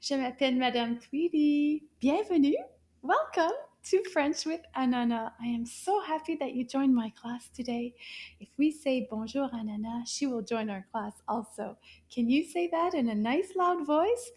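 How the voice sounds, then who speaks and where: A woman teaching a children's French lesson, sounding bright and exaggerated and spelling words out carefully. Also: high-pitched, expressive, moderate pace.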